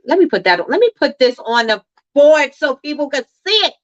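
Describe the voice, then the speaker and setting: A woman's voice: high voice, big pitch swings, fairly quick. Woman doing a pep talk on a livestream, keeps repeating herself for effect, reads out chat comments, slightly muffled sound. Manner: emphatic, repeats phrases for effect; reads viewer comments aloud. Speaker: livestream host.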